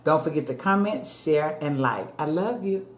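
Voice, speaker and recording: A woman's voice: low-pitched, animated, normal speed, a little hiss or hum. Chatty woman vlogging over a meal. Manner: chatty, addresses viewers as y'all. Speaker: food vlogger. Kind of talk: casual chat to viewers while eating. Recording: echoey room with faint ambience.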